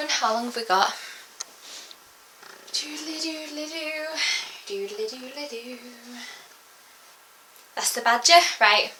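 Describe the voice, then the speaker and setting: A young woman chatting casually through a haul video, rambling and filling pauses as she goes. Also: on the high side, background noise. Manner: chatty and rambling, full of giggles and fillers. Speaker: beauty vlogger. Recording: echoey room.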